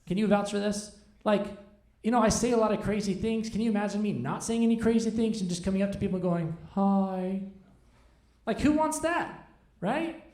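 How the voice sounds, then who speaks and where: A man's voice: sits high, a little fast, a little mellow. A man in his forties doing a rambling, self-deprecating stand-up set, chatting with the audience from a club stage. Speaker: stand-up comedian. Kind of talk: stand-up comedy set with crowd work. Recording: echoey live room.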